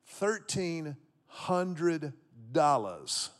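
Fifties male pastor from Texas, slightly high voice, storytelling sermon with repeated punchlines. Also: big pitch swings, drawn-out words. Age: 50s. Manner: storytelling preacher, repeats key phrases for emphasis. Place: church auditorium with congregation.

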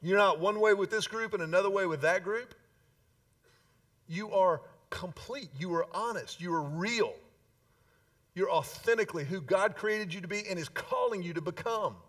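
Preacher, male, high voice, emphatic with dramatic pauses, heard from a distance in the room. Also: a bit bright. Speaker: pastor. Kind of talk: sermon.

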